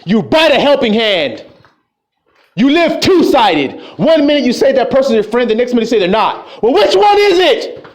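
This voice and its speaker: A man's voice: very high voice, very animated, moderate pace. A man preaching a profane, confrontational street sermon, scolding his listeners.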